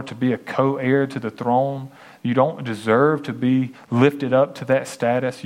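A man preaching a sermon, in an earnest, pleading way with many repeated phrases. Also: mid-range voice.

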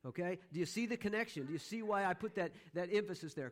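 Middle-aged male pastor, slightly high voice, emphatic sermon delivery with repeated refrains. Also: expressive. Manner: emphatic, repeats key phrases, slows down for stress.

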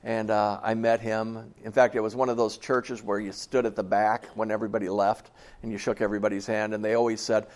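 A man's voice: on the low side, level tone, a little fast, darkish tone. A man in his sixties preaching a sermon to a church congregation in a folksy, conversational way, often asking them questions. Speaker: pastor.

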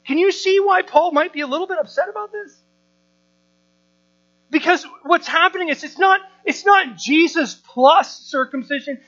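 A man in his thirties preaching a sermon, animated, repeating words and asking rhetorical questions. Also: extremely high pitch. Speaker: pastor. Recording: dull lo-fi sound with mains hum.

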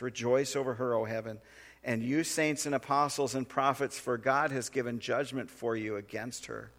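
A pastor preaches a sermon, reading scripture aloud in a measured manner that builds into forceful warnings. His voice is medium in pitch.

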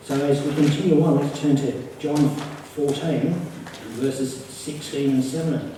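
An Australian man delivers a sermon in an earnest, unhurried way, doubling back on key phrases to drive them home. His voice is mellow and dark, picked up from some distance off. The large room around him rings with heavy echo and a faint hum of ambience. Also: a little high, steady tone. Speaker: preacher. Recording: echoey, from far off the mic.

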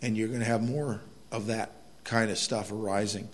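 A man's voice: on the low side, steady tone, normal speed, a little hiss or hum. A middle-aged man preaching a sermon in a conversational way, telling folksy stories with asides to the congregation. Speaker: pastor.

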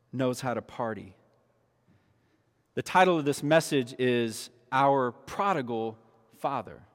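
A man preaching a sermon as pastor, animated and emphatic, often restarting his phrases. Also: mid-range voice. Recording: long reverb of a large hall.

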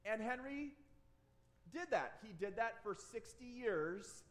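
Animated high-voiced male pastor. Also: slow. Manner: conversational, animated, repeats words for emphasis. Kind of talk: sermon.

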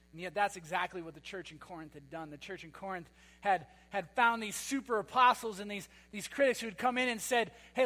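A man preaches a sermon in a very high voice, emphatic and given to repeating himself, with dry sarcastic asides. His voice rings out with a long hall reverb in a church sanctuary. A steady mains hum runs under it. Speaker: pastor.

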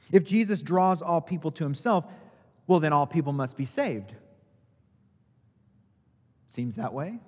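A man preaching a sermon as pastor, asking rhetorical questions and swinging between loud emphasis and quiet, low asides. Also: breathy edge. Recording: long hall reverb.

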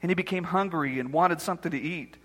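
Male pastor, bright and tense voice, sermon delivery with acted-out quotes. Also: a little high, fast, breathy edge, long reverb tail. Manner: acts out the quoted voices as he preaches.

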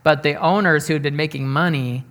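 A man preaching through a scripture passage in easygoing everyday speech. He is plainspoken and often repeats or restarts his words. He turns to his listeners with quick direct questions. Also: on the high side, steady tone, fairly bright tone. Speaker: pastor. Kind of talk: conversational Bible teaching.

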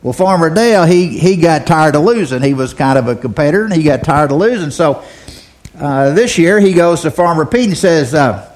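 Man, folksy Bible teacher, a bit high-pitched, repeats himself. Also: lively intonation, normal speed, a little mellow. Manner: folksy storyteller, repeats words often. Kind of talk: sermon.

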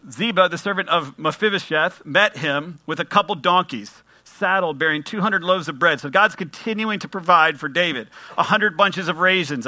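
Guy preaching a sermon, super bright voice, dry close sound, chatty then reads verses with punch. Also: sits high, dry recording. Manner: conversational preaching, reads scripture aloud with emphasis. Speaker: pastor.

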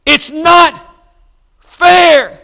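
A man's voice: extremely high pitch, steady tone, drawn-out words, vocal fry, bright, forceful tone, pitched above the performer's own voice, heavily acted. A man voicing a tiny, distraught young mother who is angry and near tears. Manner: pleading, breaking into cries.

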